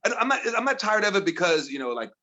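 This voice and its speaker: A middle-aged man from Chicago doing a stand-up set, telling exasperated stories about his home life and mimicking his family in higher voices. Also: big pitch swings, quick pace, pushed and bright. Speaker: stand-up comedian. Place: comedy bar with audience.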